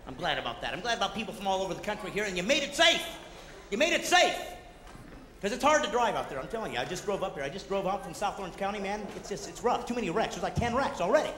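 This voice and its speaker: High-voiced shouting comedian in a hall. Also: male voice, very animated, quick pace. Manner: high-energy, shouting, crowd work. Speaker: stand-up comedian. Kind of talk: stand-up comedy set. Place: large hall with a live audience. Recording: echoey hall, loud crowd and noise.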